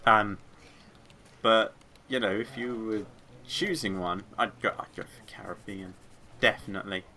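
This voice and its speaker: A man's voice: fairly low pitch, measured pace, sharp tone. A man doing casual let's play commentary, chatty and rambling, drifting off into tangents and singing along to music. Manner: rambling, chatty, easily sidetracked. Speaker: gaming video creator.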